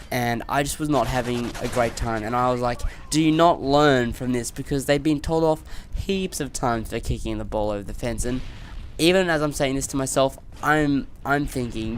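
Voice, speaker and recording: An Australian man rants over gameplay in a loose, rambling way, swearing and restarting his sentences. His voice sits at an ordinary middle pitch, and a faint hum of noise runs under it. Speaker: gaming commentator. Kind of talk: rambling ranting commentary.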